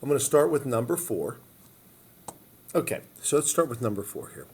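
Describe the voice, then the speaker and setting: A male math teacher talks through each equation step by step in an even, mid-range voice. He repeats key moves and keeps checking in with his students as he works. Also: medium pitch, normal speed, slightly rough. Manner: step-by-step, repeats phrases, frequent "okay?" check-ins. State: hiccups. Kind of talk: recorded math lesson walkthrough.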